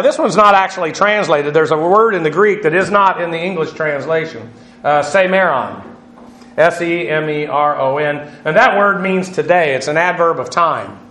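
A man's voice: a little high, a bit bright, reverberant. A man teaching a Bible lesson on Greek word meanings, spelling words out letter by letter with frequent fillers.

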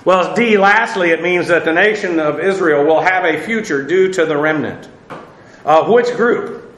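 A man's voice: a little high, normal speed, a bit bright, reverberant, a little hiss or hum, rough recording. A man teaching a Bible lesson as a sermon, talking in a loose conversational way with fillers and small laughs.

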